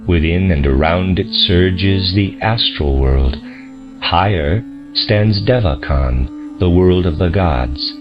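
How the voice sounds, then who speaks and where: A man reading a lecture aloud in a slow, deliberate, solemn manner, on a dull lo-fi recording. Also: sits low, music in the background. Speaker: audiobook reader.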